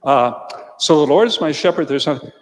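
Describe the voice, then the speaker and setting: A man's voice: fairly high pitch, animated, a little fast. An older man, a priest, giving a homily in a folksy storytelling way and speaking to the children. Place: church. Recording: church hall reverb.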